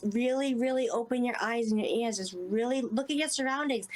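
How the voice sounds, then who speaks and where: A woman's voice: a little high, brisk. A woman guest speaking earnestly in casual interview chat, rambling and often saying "you know". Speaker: guest medium.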